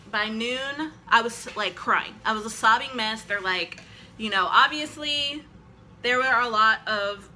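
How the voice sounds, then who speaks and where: Chatty bright-voiced woman vlogger. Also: a little high, a little hiss or hum, low-quality recording. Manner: chatty and rambling, with frequent "like" fillers; self-deprecating and joking. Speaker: vlogger telling a personal story. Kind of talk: casual storytime monologue. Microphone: camera she films herself with.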